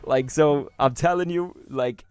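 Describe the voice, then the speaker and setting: A man's voice: fairly high pitch, measured pace, darkish tone, clear, resonant tone, dry recording, faint music behind. A man hosting a card-opening vlog, telling a story casually with lots of fillers and casual swearing. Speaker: YouTube card-opening host.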